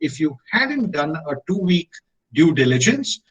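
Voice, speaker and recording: A middle-aged man with an Indian English accent, giving a motivational talk as an animated storyteller who acts out the dialogue. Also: on the high side, measured pace, far from the mic, rough recording. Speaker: motivational speaker.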